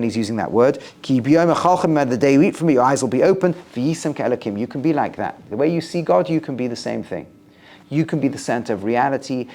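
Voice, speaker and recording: A rabbi giving a lively Torah lecture to a class, with rising emphatic stresses and low, quiet recitation of Hebrew verses. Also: male voice.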